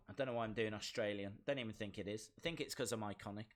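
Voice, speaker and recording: A man hosting a live stream, reacting to a wrestling show in excitable, chatty, self-mocking commentary. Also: on the low side, rapid-fire.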